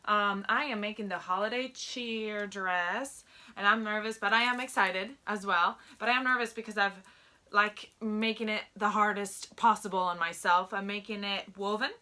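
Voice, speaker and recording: A woman's voice: mid-range voice, fairly even intonation, moderate pace, bright, forceful tone. A young adult woman giving a casual sewing tutorial, chatty and openly nervous, with many filler ums. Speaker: sewing pattern instructor.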